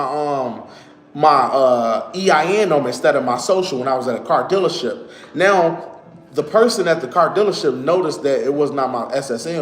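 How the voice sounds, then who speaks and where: A man explaining things to his viewers in a casual monologue. He talks conversationally, repeats his points and speaks to the audience directly. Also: a little high. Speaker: online commentator. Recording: echoey room.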